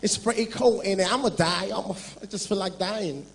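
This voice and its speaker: A man's voice: high-pitched, brisk, slight background noise. A man putting on a mocking imitation of a gloomy, posh British man, drawling and adding tag questions.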